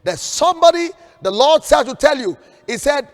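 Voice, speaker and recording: Very high-pitched and sing-song, this man's voice moves at a moderate pace, hardly pausing. Preaching as a prophet in an online prayer broadcast, he fervently calls on viewers to echo his declarations, with long hall reverb and faint music behind him.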